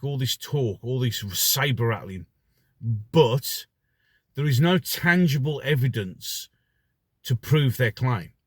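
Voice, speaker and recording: A man's voice: mid-range voice, husky, no echo. A middle-aged man giving a sarcastic ranting commentary full of rhetorical questions. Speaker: vlogger.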